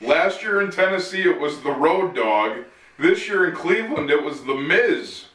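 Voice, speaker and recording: A man co-hosting a comedy podcast with a bright, slightly high voice, tossing off quick retorts. He sits back from the mic in an echoey room. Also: animated, recorded from a distance. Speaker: podcast co-host. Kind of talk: casual comedic podcast chat.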